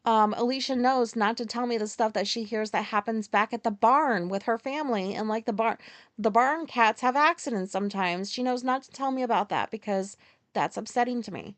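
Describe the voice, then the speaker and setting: A woman's voice: a little high, fairly quick, dry recording. A woman in her forties hosting a casual solo podcast, telling stories candidly, ranting and swearing freely. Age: 40s. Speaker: podcast host.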